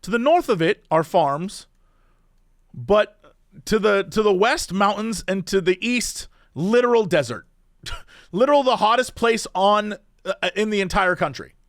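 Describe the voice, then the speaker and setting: Man, podcast co-host, high animated delivery, rambling chatty, dry close mic. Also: measured pace, no room sound. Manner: rambling, animated, full of restarts and fillers. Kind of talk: casual chat.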